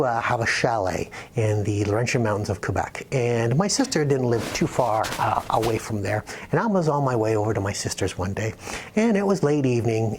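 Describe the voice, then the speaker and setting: A man's voice: medium pitch, a little hiss or hum. A man telling a rambling, self-deprecating story as host of his painting channel. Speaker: wildlife painter telling an anecdote. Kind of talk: casual storytelling.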